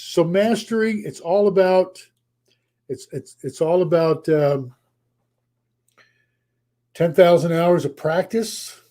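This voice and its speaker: A man's voice: fairly high pitch, mellow. A man running a motivational real estate sales coaching session, emphatic and repeating his key points, his voice getting tired. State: voice tiring.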